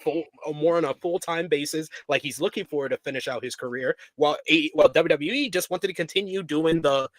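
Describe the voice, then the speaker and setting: A man's voice: on the high side, brisk, few pauses, no room sound. A man co-hosting a wrestling review show in casual chat, reading out viewer comments and donations and laughing often.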